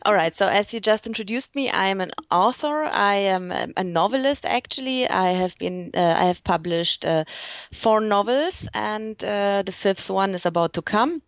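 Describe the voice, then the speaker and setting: A woman's voice: mid-range voice, expressive, moderate pace, dry recording, highs cut off. A woman in her forties with a German accent, a guest author answering interview questions with many fillers and restarts. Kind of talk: casual interview.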